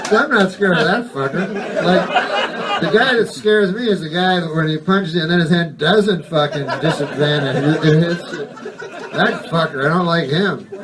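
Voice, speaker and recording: Rambling deadpan stand-up comedian. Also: male voice, on the high side, moderate pace, far from the mic, over a noisy crowd. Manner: rambling, deadpan, profane, self-correcting. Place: live comedy stage.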